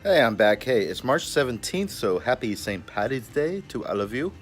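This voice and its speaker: A man's voice: big pitch swings, moderate pace, faint music behind, lightly acted. A man putting on a hammy, cheery Irish brogue. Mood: festive. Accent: put-on Irish. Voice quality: hammy, loud and higher than his own voice. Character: cheery put-on Irishman greeting for a holiday. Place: backyard, outdoors.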